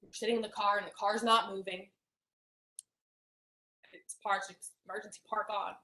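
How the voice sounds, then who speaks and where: A young woman telling a painful personal story in a halting way, with many fillers and restarts. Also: medium pitch, flat delivery, sharp tone. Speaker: hypnosis client. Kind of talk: emotional personal account. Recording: roomy echo.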